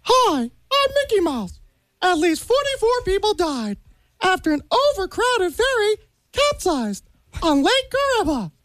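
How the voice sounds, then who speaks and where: Mickey Mouse, cartoon mouse, very high squeak, swooping lilt, giggly headline reading. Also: very animated, a bit bright, no echo, full character voice. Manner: giggles between words, halting delivery. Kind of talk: comic impression reading news headlines.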